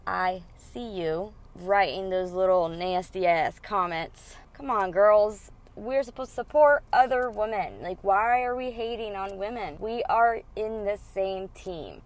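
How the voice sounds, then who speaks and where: Woman, 30s, podcast host, profane, candid storyteller. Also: mid-range voice. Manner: blunt, profane, storytelling with quoted voices. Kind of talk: casual solo podcast monologue.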